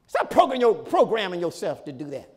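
A male pastor preaching a sermon in a folksy, repetitive style, with shouted peaks and laughter between points. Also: high-pitched, wildly swooping pitch, brisk, long reverb tail. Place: church sanctuary.

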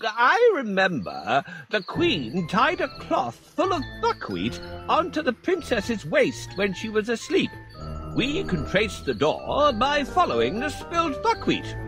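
A high, fretful cartoon king. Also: wildly swooping pitch, slow pace, over music, exaggerated voice. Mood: commanding. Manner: theatrical, pleading. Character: fretful pleading old king.

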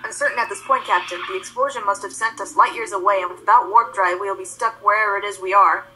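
A woman voicing a logical, unemotional male science officer, speaking in a measured matter-of-fact way. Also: mid-range voice, sharp tone, a little hiss or hum, voice pushed down, poor audio.

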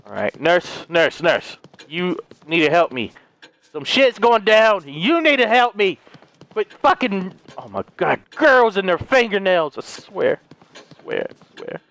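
While playing a horror video game, a man gives casual, excitable let's play commentary, swearing freely and talking to himself and the characters. His pitch is fairly high.

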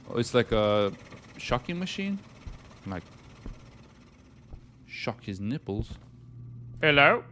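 A man giving jokey let's-play commentary on a horror game, talking to himself and breaking into panicked yelling. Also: on the low side, animated, unhurried, pauses often, slight background noise. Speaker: gaming YouTuber.

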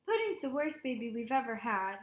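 A bossy boy who leads his gang and talks with easy authority, as a woman reads his lines. The voice sits on the high side and carries some room echo. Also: sing-song, fairly quick. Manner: confident, commanding. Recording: echoey room.

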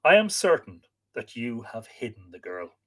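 A man voicing a humble yet proud man in danger, speaking low and murmuring. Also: big pitch swings, moderate pace. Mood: grave.

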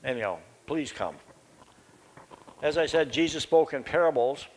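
A man's voice: on the high side, lively intonation, normal speed, low-quality recording. An older man preaching a sermon in a church, telling a personal story in a folksy, conversational and self-deprecating way.

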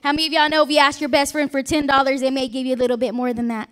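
A woman's voice: high voice, level tone, racing, a bit bright. A woman pastor preaching a Sunday sermon in a chatty way, asking the congregation questions and joking aside. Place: church sanctuary.

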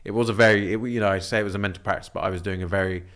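A young man speaking as a podcast guest, talking in a relaxed, reflective way with loose, meandering phrasing. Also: on the low side, racing. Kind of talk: casual conversation.

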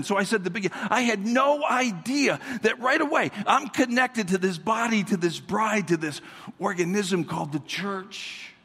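A man with a notably high, slightly husky voice preaches as a guest pastor, energetic and full of repetition. He keeps calling on the congregation to answer him. His words ring out with a long reverb through a large church hall. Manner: energetic, calls for congregation responses, repeats words. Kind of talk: sermon.

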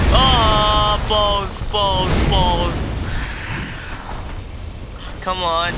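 A man giving panicky live gameplay commentary, yelping and repeating words as he plays. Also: sits high. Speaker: gaming YouTuber. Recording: loud game noise behind the voice.

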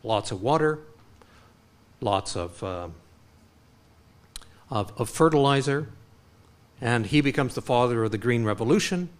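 Middle-aged male lecturer from Canada, impassioned, restless and animated, restarts often. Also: medium pitch, unhurried, pauses often. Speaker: guest speaker. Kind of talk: public lecture.

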